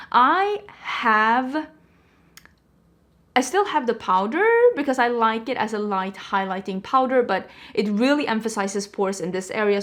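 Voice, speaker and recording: A woman vlogger chatting casually about products, rambling with frank opinions, her voice a little stuffy from allergies. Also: a little high. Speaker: beauty vlogger. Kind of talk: casual product review chat. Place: indoors at home.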